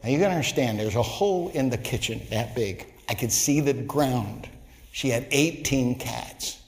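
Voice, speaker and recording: Man, pastor, folksy story sermon, animated, echoing sanctuary. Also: medium pitch, creaky. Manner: folksy, animated storytelling, builds to loud excitement. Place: church sanctuary.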